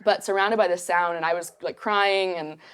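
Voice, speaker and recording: A young woman guest on a podcast, telling stories in a casual, animated way with lots of fillers. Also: on the low side, a little fast, clear, resonant tone. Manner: animated, acts out quotes, many fillers. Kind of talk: casual storytelling.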